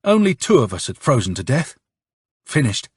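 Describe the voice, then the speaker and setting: A man playing Myshlaevsky, a hoarse swearing officer. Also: mid-range voice, very animated, moderate pace, dry recording, studio quality. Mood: angry storytelling. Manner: angry, sardonic storytelling with curses. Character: hoarse young male officer, bitter and swearing. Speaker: audiobook narrator. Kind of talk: audiobook reading.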